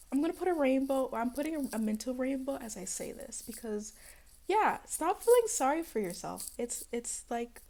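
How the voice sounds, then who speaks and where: Young woman vlogger with a high voice, sassy, blunt, playful self-help pep talk. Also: darkish tone. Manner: acts out other people's voices in jumps of pitch. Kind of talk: casual direct-to-camera pep talk.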